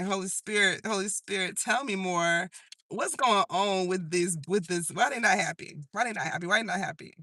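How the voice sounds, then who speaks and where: A tarot reader gives a live reading to his audience, casual and profane, laughing at his own jokes as he works through the cards and breaking into old songs. His high voice has a sharp tone, and the recording is dry.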